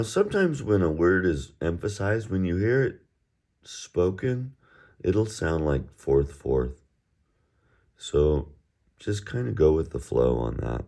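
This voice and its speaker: A man teaching Mandarin tones in an easygoing way, drilling words and repeating them, with relaxed chatty asides. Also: rumbling low. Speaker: Chinese teacher. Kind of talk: recorded language lesson.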